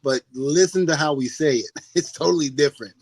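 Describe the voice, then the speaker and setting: A man's voice: fairly high pitch, fairly quick, a little mellow, no room sound, rough recording. A middle-aged man on a podcast, talking casually and animatedly, laughing and mimicking people as he tells stories. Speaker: podcast guest.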